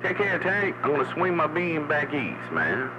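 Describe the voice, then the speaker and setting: A man's voice: fairly high pitch, very animated, normal speed. A man talking casually on a CB radio, laid-back, and calling everyone "man". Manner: laid-back, drawling, says "man" often. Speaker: CB radio operator. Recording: muffled radio audio with static.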